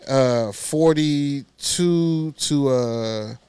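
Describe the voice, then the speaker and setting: A man's voice: medium pitch, very slow, mellow, smooth, no echo. A man co-hosting a casual sports chat, sounding stuffy from a cold and saying "bro" a lot. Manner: laid-back, says "bro" often. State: stuffy, under the weather. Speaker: co-host.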